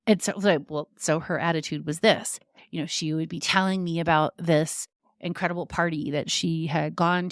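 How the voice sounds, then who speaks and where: A young adult woman talks through a personal story on her podcast, chatty and full of ums and little laughs. Her voice sits a bit low and she speaks slowly. The sound is dry and close, with no room around it. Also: no echo. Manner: chatty, laughs often, many fillers. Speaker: podcast host. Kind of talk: casual storytelling monologue.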